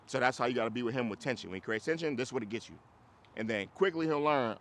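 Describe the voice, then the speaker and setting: A man leading an outdoor dog training class, explaining casually, checking that students follow and breaking into loud, high praise for the dog. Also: expressive, racing. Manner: casual, explains with repeated checks like "you get what I'm saying". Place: outdoors in a city.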